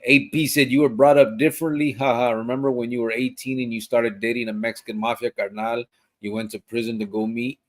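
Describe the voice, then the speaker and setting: A man hosting a live podcast, reading viewer comments aloud and chatting in a relaxed, loose way full of fillers and restarts. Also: mid-range voice, a little fast. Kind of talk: casual live-stream chat.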